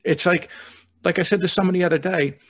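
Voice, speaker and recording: A man's voice: high voice, steady tone, fast. A man who is a deputy fire chief, telling stories earnestly and easily in a casual podcast chat.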